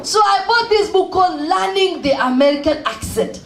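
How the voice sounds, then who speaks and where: A woman telling comic stories on stage, acting out the people in them and laughing and shouting as she goes. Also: very high-pitched, animated, normal speed. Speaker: stand-up comedian and spoken-word poet. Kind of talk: stand-up storytelling with poetry. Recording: echoey room.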